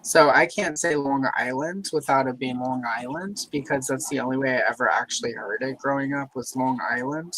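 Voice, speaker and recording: A livestream co-host from Louisiana chats casually and wanders off into long asides, speaking fairly quickly with almost no pauses. His mid-range voice has a mostly General American accent, though a Southern trace slips through. Crowd noise is present and the recording quality is low.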